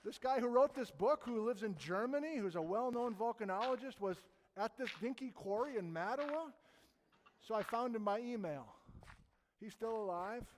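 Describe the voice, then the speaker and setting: A man's voice: extremely high pitch, lively intonation, normal speed, in a large hall, a little hiss or hum. A man in his fifties giving an informal geology talk, telling stories enthusiastically with chatty, self-deprecating asides. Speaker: geologist lecturer.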